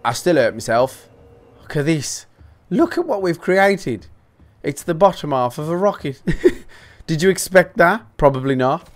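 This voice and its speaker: A man, chatting casually and swearing freely while commentating his own game playthrough. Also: medium pitch. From England. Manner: sweary, chatty, jokey rants to viewers. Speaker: gaming YouTuber. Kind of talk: casual let's-play commentary.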